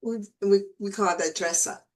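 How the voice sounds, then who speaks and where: A woman's voice: mid-range voice, normal speed, poor audio. A woman hosting an interview show, talking casually and often repeating words as she gathers her thoughts. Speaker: host.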